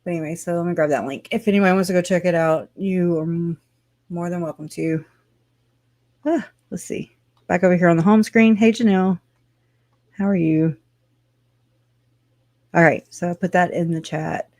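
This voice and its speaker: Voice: medium pitch, moderate pace, pauses often, darkish tone, no room sound. A livestream host in casual commentary who rambles, swears now and then and laughs often, talking at a computer at home.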